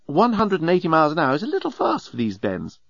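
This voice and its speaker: A man doing a brisk, impatient woman. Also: a little high, huge pitch swings, vocal fry, fairly bright tone, no echo, muffled recording, pitched above the performer's own voice, heavily acted. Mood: practical. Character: decisive, impatient young woman.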